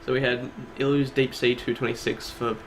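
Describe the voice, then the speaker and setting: A man's voice: mid-range voice, little pitch movement, moderate pace, slight background noise, rough recording. A laid-back man co-hosting an online awards stream, laughing often and reading out lists of nominees in casual chat. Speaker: stream co-host presenting awards.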